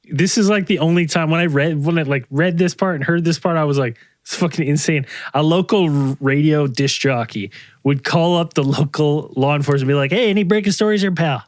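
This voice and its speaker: A man's voice: a little high, brisk, dry recording. A man bantering on a podcast, teasing and joking with casual swearing. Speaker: podcast co-host.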